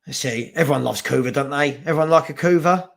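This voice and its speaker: A man's voice: fairly high pitch, fast talker, creaky, a bit bright. A man hosting a live fan watch-along of a football match, chatting casually, exasperated and swearing about his team.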